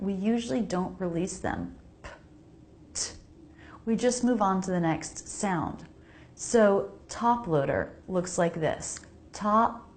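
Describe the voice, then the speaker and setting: An American woman giving an English pronunciation lesson, carefully modeling each sound and repeating words for viewers to say along. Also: fairly low pitch. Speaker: pronunciation teacher. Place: home laundry area.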